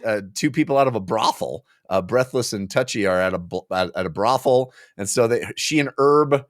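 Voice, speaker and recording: A man co-hosting a casual book-club podcast, retelling scenes with laughter and putting on quick character voices. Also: fairly low pitch, no echo, clean studio sound. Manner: animated, acts out characters with laughter. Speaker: podcast co-host.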